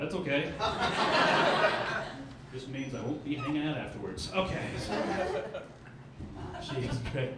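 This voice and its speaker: Young man doing crude stand-up. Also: medium pitch. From East Tennessee. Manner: crude, self-mocking, quick asides to the crowd. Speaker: stand-up comedian. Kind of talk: stand-up comedy set. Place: comedy club stage. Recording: echoey club, from far off, noisy.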